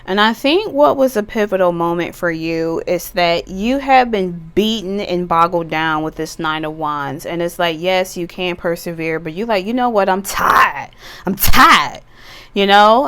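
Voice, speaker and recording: A tarot reader with a smooth, lowish voice does a casual pick-a-card reading. She's chatty and playful, cracking bawdy jokes and breaking into bursts of laughter.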